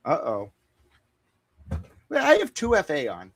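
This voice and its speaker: A man's voice: fairly high pitch, wildly swooping pitch, measured pace, creaky, fairly bright tone, breathy edge. A man on a boxing talk stream, joking and boasting in profane, rambling riffs. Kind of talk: casual livestream banter.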